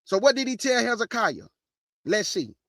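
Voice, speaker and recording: A woman hosting an informal Bible teaching, reading verses slowly and firmly and breaking in with pointed rhetorical questions in a casual, plain-spoken way. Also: a little high, sing-song, fairly bright tone, dry recording, studio quality. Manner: casual, plain-spoken, addresses listeners as "y'all".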